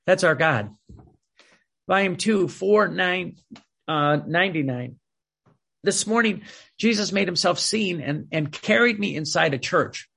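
A man's voice: high-pitched, animated, unhurried, creaky, a bit bright, breathy edge. A man giving an informal sermon with readings, speaking emphatically and often restarting and repeating words. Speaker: preacher reading from a spiritual book.

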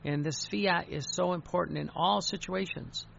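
Gravelly-voiced man preaching a sermon. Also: high voice, moderate pace, fairly bright tone, highs cut off, a little hiss or hum.

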